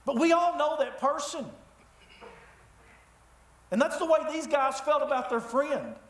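A man preaching a sermon in a church, telling the story with lively humor. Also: very high voice, a little slow. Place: church sanctuary. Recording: echoey room.

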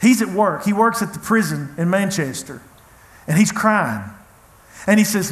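High-voiced man preaching in an echoey hall. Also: moderate pace. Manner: earnest, conversational, animated storytelling. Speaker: pastor. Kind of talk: sermon with storytelling. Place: church hall. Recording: echoey church room.

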